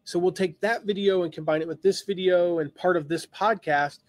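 A man hosts a live online lesson in a high, steady-toned voice at a brisk pace. He rambles through ideas, thinking aloud and restarting his sentences often.

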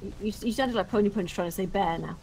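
A woman's voice: mid-range voice, fast talker, darkish tone, a little hiss or hum. A young woman chatting bluntly and joking with lots of swearing while playing a game with a friend. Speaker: gaming streamer. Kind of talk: casual gaming chat.

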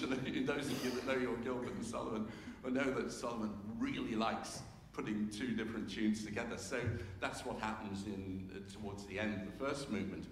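A man's voice: medium pitch, a bit bright, a little hiss or hum. Older man in a concert hall. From England. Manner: hums and sings themes to illustrate, with self-deprecating humour. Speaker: composer introducing his symphony. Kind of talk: informal talk to a concert audience. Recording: roomy hall reverb, faint ambience.

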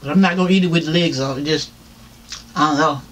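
Southern man vlogger, high voice, chatty eating-show talk, faint hiss behind. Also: fast talker, fairly bright tone. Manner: chatty, laughing, talks while chewing, addresses viewers as y'all. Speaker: mukbang vlogger. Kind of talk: casual eating-show chat.

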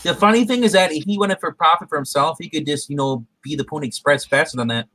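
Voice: mid-range voice, fast, pushed and bright, no echo. A co-host joking around while a comic is read aloud. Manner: joking, playful. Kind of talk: banter while reading a comic.

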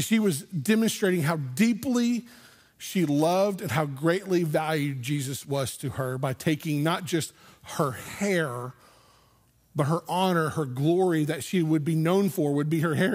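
A man's voice: a little high, darkish tone. A man preaching a sermon in church as pastor, telling the story with animation and acting out imagined voices. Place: church sanctuary.

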